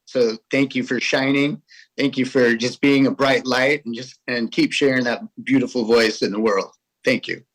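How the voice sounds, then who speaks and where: A man's voice: medium pitch, fairly even intonation, normal speed, fairly bright tone, poor audio. Earnest man on a video call. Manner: earnest, repeats words as he starts. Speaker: participant in coaching session. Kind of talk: grateful group share.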